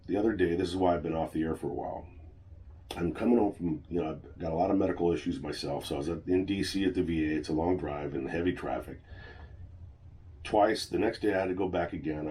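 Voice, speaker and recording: Deep-voiced man venting bluntly. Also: dark tone. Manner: blunt, heavy swearing, venting. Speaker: channel host. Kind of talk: personal vlog monologue.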